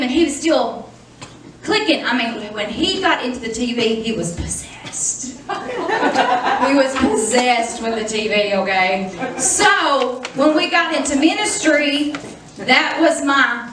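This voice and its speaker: A woman's voice: high-pitched, lively intonation, unhurried, fairly bright tone, a little hiss or hum. A middle-aged woman, telling stories and teaching in a chatty sermon style, often laughing. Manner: chatty, storytelling, laughs often, addresses the congregation as y'all. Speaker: pastor's wife teaching on marriage. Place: church hall. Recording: echoey hall, distant mic.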